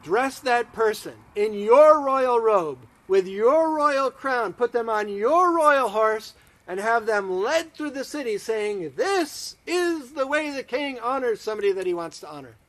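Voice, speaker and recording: Self-important schemer, voiced by a man; high, animated, unhurried. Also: heavily acted. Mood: eager. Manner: eager, self-important pitch. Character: scheming, vain royal advisor, male.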